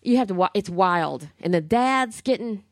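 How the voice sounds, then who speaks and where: A woman co-hosting a podcast in casual chat, blunt, profane and animated. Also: medium pitch, normal speed, dry recording, clean studio sound. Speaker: podcast co-host.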